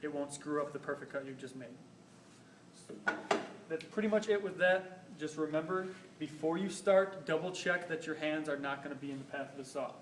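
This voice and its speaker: A man's voice: fairly high pitch, normal speed, background noise. A young man casually demonstrating band saw safety in a school workshop, moving around the machine as he explains. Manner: informal, repeats "basically" and "rule of thumb". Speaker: shop safety instructor. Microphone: camera microphone from a distance. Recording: roomy, distant camera audio.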